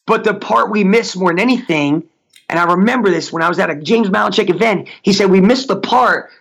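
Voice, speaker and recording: A man's voice: high-pitched, vocal fry, fairly bright tone. Emphatic motivational Christian coach, man. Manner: emphatic, slows down for declarations; stumbles and restarts words. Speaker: podcast guest, motivational coach. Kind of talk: motivational faith talk.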